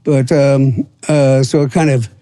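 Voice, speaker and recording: A man's voice: medium pitch, fairly even intonation, a little slow, a crowd in the background. A man in his seventies from Florida, telling long profane stories with lots of fillers as a podcast guest. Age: 70s. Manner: rambling, profane, full of fillers and acted quotes. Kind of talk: casual storytelling.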